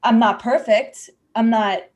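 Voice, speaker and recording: Speaking with a slightly high, darkish voice, this woman keeps a steady tone and a measured pace. She's a podcast host whose candid, chatty talk is full of fillers and restarts.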